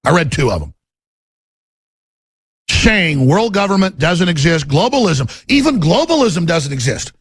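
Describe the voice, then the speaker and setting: Talk radio host, man, middle-aged; husky rasp, fairly high-pitched, fierce rant. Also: very animated, measured pace, long pauses, fairly bright tone. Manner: intense, ranting, swings to menacing low growls in acted quotes. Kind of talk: political talk radio monologue.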